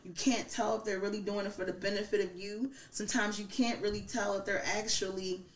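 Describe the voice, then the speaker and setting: A woman's voice: medium pitch, level tone, a little fast. A woman from Baltimore, a podcast guest, talking candidly and emphatically in a casual chat. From Baltimore, USA. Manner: candid and emphatic, quotes people animatedly. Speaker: podcast guest, plus size model. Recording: roomy echo.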